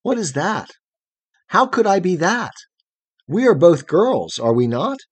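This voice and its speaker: A man lifting his voice to play a wide-eyed young girl raised in darkness, soft and earnest, always asking questions. Her tone is husky and airy, with the pitch climbing lightly on each wondering phrase. She sounds like a storybook heroine meeting the world for the first time. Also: big pitch swings, a little slow, heavily acted. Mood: gentle, wondering.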